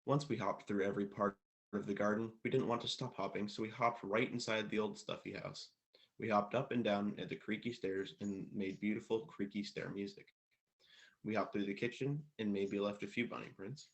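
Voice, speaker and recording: A man reading a children's storybook aloud at a church service, plain and steady. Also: on the low side, moderate pace.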